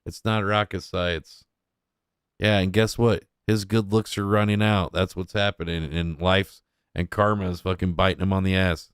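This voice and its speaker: A man's voice: low-pitched, level tone, normal speed, clean tone, no echo, clean studio sound. A man giving casual, crude commentary on clips as a streamer, blunt and mocking.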